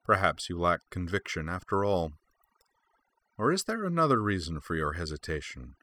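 A man's voice: sits low, sing-song, normal speed, bright, forceful tone, no echo, full character voice. A man voicing a cold, menacing Sith lord. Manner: cold, threatening.

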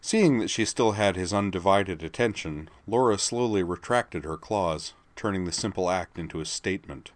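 Low-voiced man narrating a story. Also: no room sound. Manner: measured, even storytelling. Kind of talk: audiobook narration.

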